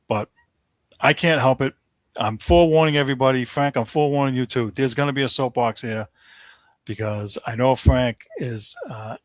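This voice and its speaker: A man in a mid-range voice hosts a casual sports talk podcast. He rants with strong opinions and fills his speech with ums and you-knows. The sound is dry and close, with no room echo. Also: mid-range voice. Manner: opinionated, ranting, many fillers.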